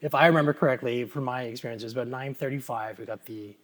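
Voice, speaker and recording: A man from Canada hosting a casual interview, talking in a relaxed way with plenty of fillers. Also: mid-range voice, fast talker. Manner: relaxed, many fillers like "right" and "um". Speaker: host and councillor.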